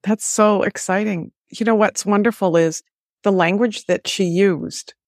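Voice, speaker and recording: A woman's voice: medium pitch, steady tone, measured pace, no echo. Effusive middle-aged woman co-host, dry sound. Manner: effusive, exclaiming. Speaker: podcast co-host, former FBI program head. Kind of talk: casual chat. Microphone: remote call.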